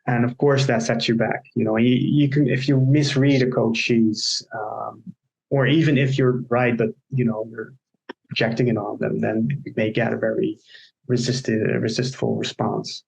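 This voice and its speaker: Gravelly-voiced man explaining coaching examples. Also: medium pitch, level tone, normal speed, darkish tone, poor audio. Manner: explains by walking through examples and anecdotes. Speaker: agile coach, podcast co-host. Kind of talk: casual discussion on coaching.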